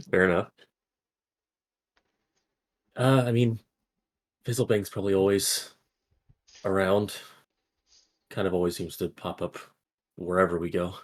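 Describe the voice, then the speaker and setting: A man playing a tabletop game, speaking in a relaxed, matter-of-fact way. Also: low voice, takes it slowly, long pauses. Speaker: player. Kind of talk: casual game chat.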